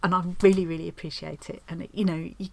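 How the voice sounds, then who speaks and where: A woman's voice: lowish voice, little pitch movement, fast talker, gravelly, slight background noise. Lady vlogging crafts from home, gushing, rambly, keeps restarting mid-sentence. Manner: rambling and effusive, with many restarts. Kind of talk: casual chat while opening post.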